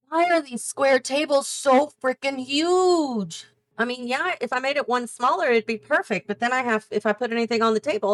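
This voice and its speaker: A woman's voice: mid-range voice, fairly bright tone, dry recording. A woman hosting a gaming channel, chatting and thinking aloud as she builds, often correcting herself. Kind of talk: casual build commentary while playing.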